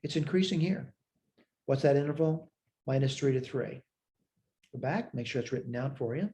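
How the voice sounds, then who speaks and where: A man with a mellow, darker tone walks through a math lecture step by step. He thinks aloud and checks his own work as he goes. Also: medium pitch, moderate pace, a little hiss or hum. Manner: talks through worked steps aloud, self-checking. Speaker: math instructor.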